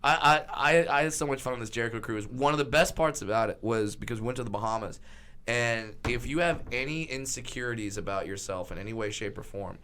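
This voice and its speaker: Animated, stammering male comedian. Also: mid-range voice, fast talker, slight background noise. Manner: animated storyteller, stammering restarts. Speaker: comedian guest. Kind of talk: casual podcast chat.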